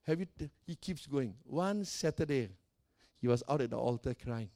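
A man preaching a sermon as pastor of a church, calling out to the congregation and swinging between soft and loud. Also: medium pitch, animated, moderate pace. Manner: preaching with call-and-response and dramatic swings in volume.

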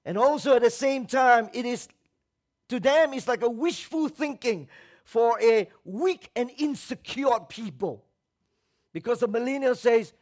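A man preaching with a high, raised voice. He is emphatic, calls on the congregation to answer him, and mocks the voices of others as he goes. His delivery swings between loud exhortation and low, quiet asides. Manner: acts out quoted voices with mocking tones. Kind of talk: sermon.

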